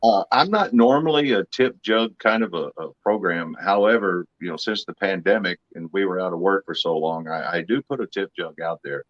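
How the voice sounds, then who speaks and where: Man with a fairly low voice, wisecracking comic storyteller, dry close sound, dull lo-fi audio. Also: moderate pace, hardly any pauses, no echo. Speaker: comedy hypnotist guest. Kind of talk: casual joking chat.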